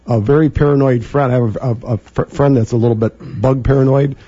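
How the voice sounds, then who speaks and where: A man co-hosting a casual radio talk show, halting and full of fillers and stammered restarts. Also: medium pitch, fairly even intonation, mellow, husky, dull audio. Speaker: co-host.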